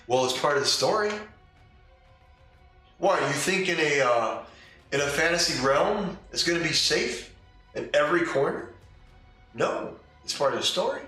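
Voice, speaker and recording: Blunt, forceful man in an echoey room. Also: fairly high pitch, expressive, moderate pace, pauses often. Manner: blunt, emphatic rhetorical questions. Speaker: podcast host and dungeon master. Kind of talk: casual opinion monologue. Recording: very echoey room, distant mic, faint music.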